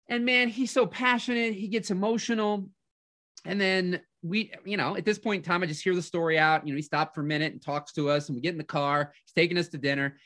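Bright, fired-up male life coach. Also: high-pitched, fast. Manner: energetic, excitable, frequent restarts. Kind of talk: motivational talk with personal storytelling.

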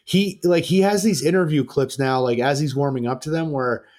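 A man's voice: on the high side, normal speed. A male podcast host in casual chat. He rambles and swears often, piling up fillers as he tells a story with plenty of energy. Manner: rambling, profane, animated storytelling.

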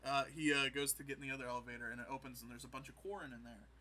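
A man in casual podcast chat, retelling comedy scenes and slipping into quick voices, often laughing. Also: mid-range voice, bright, forceful tone, a little hiss or hum.

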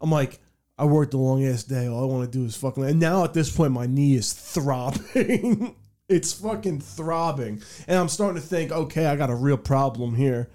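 A young man with a warm, medium-pitched voice hosts a podcast at normal speed. He rambles through a profane story in casual chat, laughing along the way.

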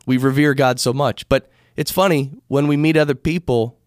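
A man's voice: mid-range voice, steady tone, moderate pace, dry recording, clean studio sound. A man from America hosting a casual talk on spirituality, rambling and correcting himself as he goes, speaking into a microphone. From United States. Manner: rambling, conversational, self-correcting. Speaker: podcast host. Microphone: studio microphone.

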